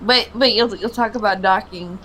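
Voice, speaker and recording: A woman's voice: mid-range voice, normal speed, bright, forceful tone. A woman hosting a casual podcast chat, giggling and giving brief replies. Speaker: podcast host.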